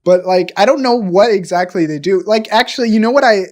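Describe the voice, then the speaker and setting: A man co-hosting a comedy podcast, rambling and halting through improvised bits with profanity and constant restarts. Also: high-pitched, darkish tone. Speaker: podcast co-host.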